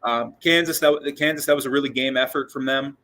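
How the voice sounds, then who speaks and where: A man's voice: mid-range voice, fast, sharp tone, poor audio. A man hosting a casual postgame sports show, rambling with restarts and repeated words, short of breath. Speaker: sports podcast host.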